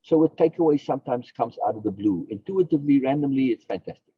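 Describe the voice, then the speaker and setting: A man's voice: mid-range voice, lively intonation, quick pace, slightly rough, no room sound, phone-quality sound. A man, a philosophy guest on a podcast, explaining his ideas emphatically, repeating key phrases and asking and answering his own questions.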